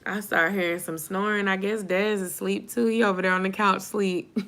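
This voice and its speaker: Bright-voiced sleepy woman vlogger. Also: medium pitch, fairly even intonation, normal speed. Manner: chatty, informal, addresses viewers as y'all. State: sleepy, yawning. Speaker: YouTube vlogger on a live stream. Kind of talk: casual live-stream chat.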